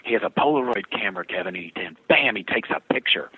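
A man's voice: fairly low pitch, expressive, quick pace, husky, no room sound, phone-quality sound. A male guest telling a story with energy, acting out the voices of the people in it before turning to an uplifting message. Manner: acts out quoted voices, builds to uplifting message. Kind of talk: animated storytelling.

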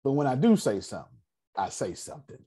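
Animated husky man leading a class. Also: mid-range voice, quick pace. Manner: animated, digressive, addresses the audience directly. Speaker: class leader. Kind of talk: casual teaching and storytelling.

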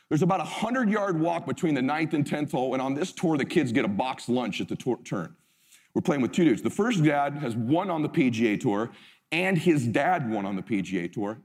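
A man's voice: on the high side, darkish tone, in a large hall. A middle-aged man giving a motivational talk. He tells the story intensely and emphatically, and he swears freely. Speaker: motivational speaker.

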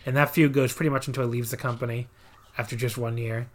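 A man hosts a podcast in a loose, casual way. He walks through a match move by move with dry, sarcastic jabs and plenty of filler words, in a voice of middle pitch. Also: level tone, fast. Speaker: podcast host. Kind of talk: casual wrestling review chat.

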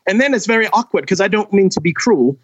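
A chatty man in his forties from California calls in, speaking in a slightly higher register than most men. His voice sounds close and dry, with no room around it. He tells self-deprecating stories with the lively delivery of a born mimic. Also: quick pace, no echo, lo-fi sound. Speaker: caller. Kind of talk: casual call-in chat.

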